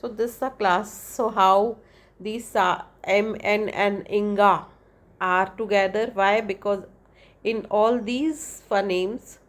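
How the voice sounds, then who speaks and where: A woman teacher lectures at a slow, deliberate pace. She works through terms one at a time and keeps checking in with "right?" between pauses. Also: medium pitch, fairly even intonation. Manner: explains step by step, with frequent "right?" and "uh"; slow, deliberate delivery with demonstrated examples. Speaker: English teacher.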